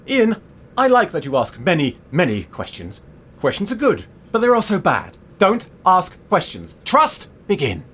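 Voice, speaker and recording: Pretentious clipped theatre director. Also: male voice, high voice, wildly swooping pitch, measured pace, a bit bright, breathy edge, heavily acted. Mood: terse directing. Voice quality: clipped pronouncements ending in a questioning "yeah?". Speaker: self-styled theatre director. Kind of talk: sitcom acting.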